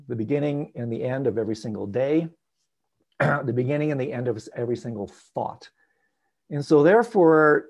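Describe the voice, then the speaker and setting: Animated man teaching on a video call. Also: medium pitch, creaky. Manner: animated, swings between loud bursts and soft asides. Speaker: meditation teacher. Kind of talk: live online Q&A teaching.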